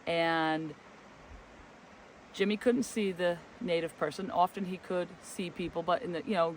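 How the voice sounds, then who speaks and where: The recording is low-quality, catching light wind and outdoor sounds as a man with a slightly high voice speaks in a breezy forest. Co-hosting a spiritual travel vlog, he tells a rambling, casual story and plays out the dialogue.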